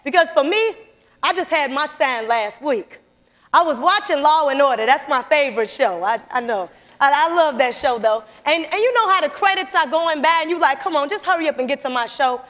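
A young woman giving an animated motivational speech in a church, calling out to the audience as she tells stories. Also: high-pitched, normal speed. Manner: animated, calls to the audience, storytelling. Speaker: motivational speaker. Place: church sanctuary. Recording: long church hall reverb.

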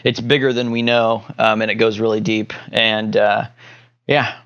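A man co-hosting a casual podcast, rambling through a mock conspiracy theory with a deadpan tone and lots of fillers. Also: on the low side, normal speed, muffled recording. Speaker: podcast co-host. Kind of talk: casual joking chat.

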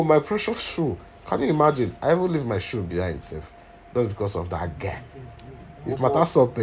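A man with a Nigerian Pidgin English accent, recapping his comedy skits for viewers, animated and laughing, slipping into Pidgin. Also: medium pitch. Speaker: comedy skit creator. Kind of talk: casual storytelling to viewers. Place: live gallery with people around.

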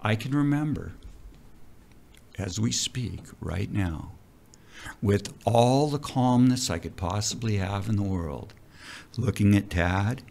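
A middle-aged man tells a story in a casual interview, his pitch leaping up and down. He swears freely and talks in a lively, colorful way, like a diving instructor recalling old jobs. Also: slow pace, vocal fry, long pauses. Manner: animated, profane, vivid storyteller.

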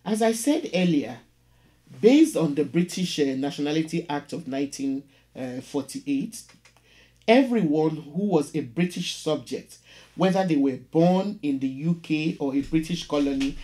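A man hosting a history channel, narrating a lesson and reading a poem in a measured way with pauses. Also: a little high, expressive, dark tone. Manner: measured, with pauses and some stumbles. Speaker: host of an educational history channel.

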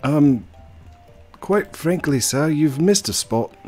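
A formal, deferential male servant with a put-on accent, addressing his listener as sir, voiced by a man. The voice sits far above the performer's own low register. Faint music plays underneath. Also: lively intonation, takes it slowly, mellow. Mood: dry.

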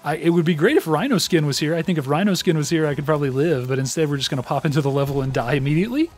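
A man's voice: fairly high pitch, very fast, darkish tone. A man hosting a let's play, commenting on his own gameplay in a rambling, self-deprecating way with lots of fillers.

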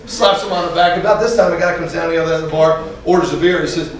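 A man's voice: fairly high pitch, rapid-fire, few pauses. Guy rambling through funny stories, lots of restarts, really echoey room, bit of hum behind. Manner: chatty, many restarts, laughs while telling. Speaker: speaker. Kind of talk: storytelling talk with jokes. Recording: distant, echoey room, faint ambience.

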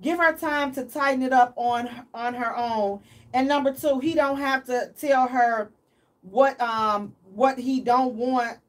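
A woman hosting a radio advice chat in an animated, emphatic, preachy way. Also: sits high, unhurried, distant mic. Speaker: radio show host.

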